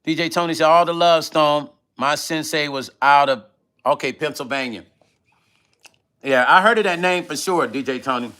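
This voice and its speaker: Here a middle-aged vlog host talks casually through a livestream, snacking as he goes through viewers' comments. He has a fairly high, pushed, bright voice at a moderate pace. He is relaxed and chatty and repeats himself when he's worked up.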